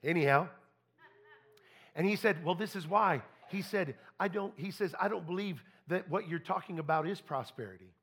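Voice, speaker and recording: Gravelly high-voiced preacher. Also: male voice, animated, moderate pace, fairly bright tone. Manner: folksy, repeats and restarts, quotes people in dialogue. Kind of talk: storytelling sermon.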